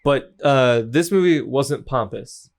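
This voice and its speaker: A young man co-hosting a movie podcast, joking around with folksy turns of phrase. His voice sits at an ordinary middle pitch for a man. He rambles a bit and restarts his thoughts as he goes. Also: takes it slowly. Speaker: podcast co-host. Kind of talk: casual movie chat.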